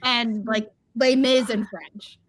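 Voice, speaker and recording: A young adult woman hosting a casual livestream chat, telling lively stories and acting out what people said. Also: fairly high pitch, slow. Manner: animated storyteller, acts out quotes. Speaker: livestream host.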